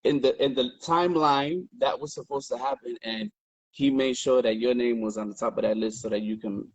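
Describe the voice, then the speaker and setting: A man as an interview guest, telling a story in an animated, profane, conversational way on a livestream. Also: mid-range voice, a little fast, vocal fry, breathy edge, no room sound, low-quality recording.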